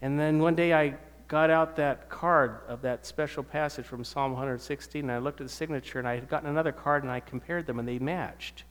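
Fairly quick and smooth, with hardly any pauses, the man's somewhat high, steady voice carries his storytelling sermon through a reverberant hall. He is in his fifties, testifying about his life to a church audience and voicing the people in his story.

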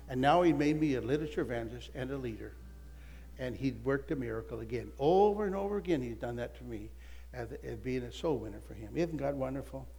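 An older man, a literature evangelist, telling a lively personal testimony story that swings between excited outbursts and hushed asides. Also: medium pitch. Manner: animated storyteller, voices his wife and prayers, excited swings. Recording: long hall reverb, faint music.

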